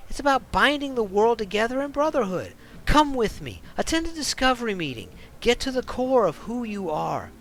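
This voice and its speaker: A man's voice: very high-pitched, big pitch swings, normal speed, a bit bright, pitched above the performer's own voice, full character voice. A man voicing an earnest young man who pleads urgently with an ex-girlfriend. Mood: pleading.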